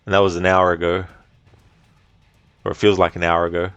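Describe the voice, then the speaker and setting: A man's voice: low voice, a little fast, clear, resonant tone, no echo, lo-fi sound, faint music behind. A man streaming a game, chatting casually, reading chat aloud and swearing now and then. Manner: relaxed, chatty, reads chat aloud, swears, laughs often.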